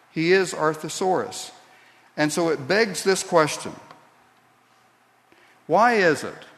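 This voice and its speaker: A pastor delivering a sermon at an unhurried, deliberate pace, his fairly high voice rising to emphatic peaks. The sound carries the long reverb of a large sanctuary. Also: a bit bright. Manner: slow deliberate preaching that builds to emphatic peaks.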